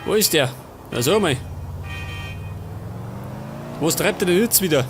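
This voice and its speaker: A man's voice: on the high side, animated, a little slow, over music. A man with a Bavarian accent giving casual let's play commentary, muttering to himself as he plays. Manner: muttering to himself while playing. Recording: commentary over noisy game audio.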